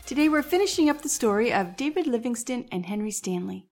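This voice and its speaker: A woman hosting a church history podcast, narrating from a script in a measured, explanatory way. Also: a little high, animated, darkish tone, faint music behind. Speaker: podcast host.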